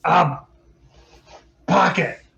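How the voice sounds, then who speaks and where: A man playing a tabletop game, tossing in deadpan one-liners. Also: a little high, very slow, vocal fry, lo-fi sound. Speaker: player. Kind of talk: casual chat. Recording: faint background noise.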